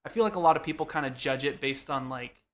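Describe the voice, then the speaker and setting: A man's voice: mid-range voice, quick pace. A man co-hosting a live stream, chatting casually and filling his talk with ums and likes. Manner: chatty, filler-heavy, animated storytelling. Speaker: co-host. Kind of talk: casual chat.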